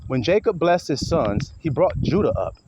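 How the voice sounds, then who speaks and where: With a voice on the high side, big swings in pitch and a normal pace, this online preacher delivers an emphatic monologue laced with swearing. He often breaks into acted quotes, and the lo-fi recording is dull with a faint hiss.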